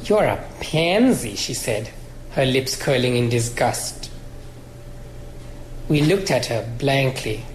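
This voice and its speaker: A male author reading his fiction aloud in a measured, expressive way at a college lecture. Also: mid-range voice, echoey room, slight background noise, poor audio.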